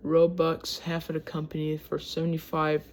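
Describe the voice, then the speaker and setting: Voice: mid-range voice, completely flat delivery, normal speed, darkish tone, a little hiss or hum. A speaker from Michigan with a Michigan accent, reading history aloud and breaking off into chatty asides, often stumbling over words. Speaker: channel host.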